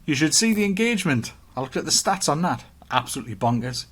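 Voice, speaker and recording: A man's voice: a little high, very animated, fast, a bit bright, slightly rough. A man, co-hosting a casual podcast chat, joking and reading out viewer comments. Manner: chatty, joking, reads out comments. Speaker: podcast co-host.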